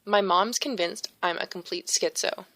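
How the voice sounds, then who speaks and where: A woman's voice: mid-range voice, vocal fry, fairly bright tone. A woman voicing a brash teenage girl heroine who speaks bluntly and sarcastically in an audiobook. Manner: blunt, sarcastic, quick to snap.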